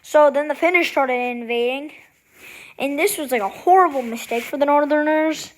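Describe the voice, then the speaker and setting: A woman's voice: high-pitched, moderate pace, rough recording. A woman casually narrating an alternate-history map video, rambling and unsure, often restarting her phrases. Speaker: video creator.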